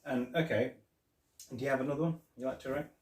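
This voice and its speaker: A man's voice: medium pitch, fairly even intonation, fast, a little mellow, far from the mic. A man co-hosting a casual film review podcast, eagerly sharing trivia. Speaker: podcast co-host. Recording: roomy, off-mic.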